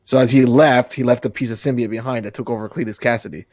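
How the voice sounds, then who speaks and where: Excitable man rambling in dry sound. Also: medium pitch, fast talker, no echo. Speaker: podcast co-host. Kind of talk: casual chat.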